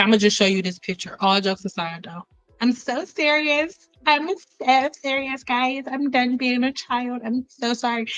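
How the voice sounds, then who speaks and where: A woman with a high voice hosts a hair care live stream in a loose, joking chat. She teases her viewers, repeats her punchlines for effect, and keeps the energy animated. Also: low-quality recording.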